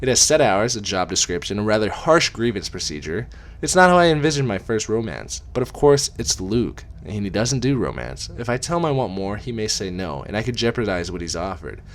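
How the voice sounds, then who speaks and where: A man's voice: fairly low pitch, sing-song, brisk. A man reading a novel aloud in a casual amateur way, with wry asides and casual swearing.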